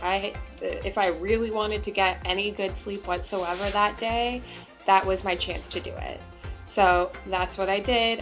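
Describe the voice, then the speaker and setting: Chatty young woman telling a story. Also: mid-range voice. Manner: chatty, lots of filler words. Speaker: vlogger. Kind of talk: casual storytime.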